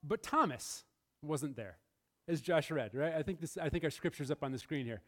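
In a church sanctuary, a pastor preaches a sermon at normal speed in a fairly high, expressive voice. He laughs often and briefly acts out the voices of the people in his story.

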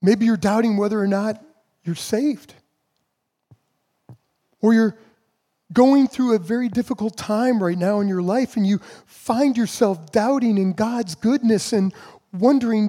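A pastor delivering a sermon in a church, lingering on his words with long, deliberate pauses. His voice is mellow and warm, and he speaks at an unhurried pace, slowing further to stress each point. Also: high voice. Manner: measured preaching with slow emphatic pauses.

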